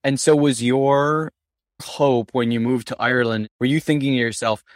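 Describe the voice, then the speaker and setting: A man asking an interview guest questions in a relaxed, conversational way. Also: medium pitch, normal speed, dry recording, clean studio sound. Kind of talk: podcast interview.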